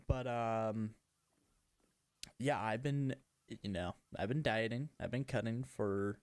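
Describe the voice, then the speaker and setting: A man's voice: medium pitch, sing-song, slow pace, creaky, no room sound. A man hosting a casual gaming podcast, chatting in a rambling, self-mocking way while he plays. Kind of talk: casual chat while playing a game.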